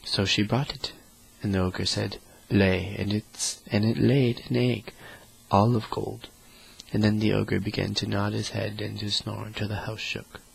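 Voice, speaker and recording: A man reading a fairy tale aloud in a slow, flat, monotone way meant to lull listeners to sleep. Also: on the low side, creaky, slightly rough, rough recording. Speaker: storyteller. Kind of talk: monotone bedtime story reading.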